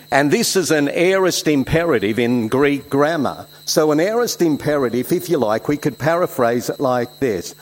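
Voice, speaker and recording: A middle-aged man, originally from Switzerland, preaching a sermon, swinging from loud emphasis to soft asides. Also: fairly high pitch, expressive, unhurried. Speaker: pastor.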